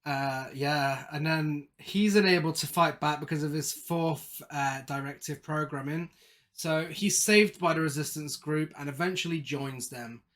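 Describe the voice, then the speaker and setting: Podcast cohost guy, a bit higher voice, wry little comments, chuckles a lot. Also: a bit bright. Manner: chuckling, adds short wry remarks. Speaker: podcast co-host. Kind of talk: casual film review chat.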